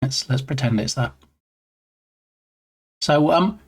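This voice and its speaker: A man's voice: mid-range voice, normal speed. A man streaming live while he works on his game, chatting casually and answering viewers in a self-deprecating way.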